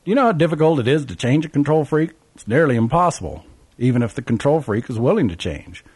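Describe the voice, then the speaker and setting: A man's voice: mid-range voice, expressive, fast talker, darkish tone, husky, no room sound. A man narrating a travel memoir in a wry, sardonic way.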